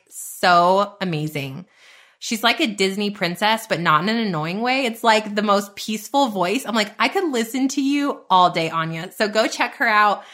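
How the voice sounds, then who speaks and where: A woman hosts her podcast with a bubbly, chatty energy, sprinkling in plenty of "y'all" and "like." Her voice sits at a medium pitch and sounds pushed and bright in this upbeat monologue.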